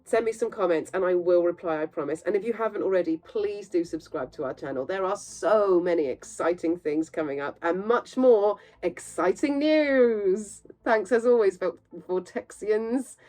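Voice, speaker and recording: A woman's voice: medium pitch, moderate pace, warm tone, faint music behind, poor audio. A woman hosting a casual film news roundup, chatty and opinionated, with plenty of asides to her viewers. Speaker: movie news host.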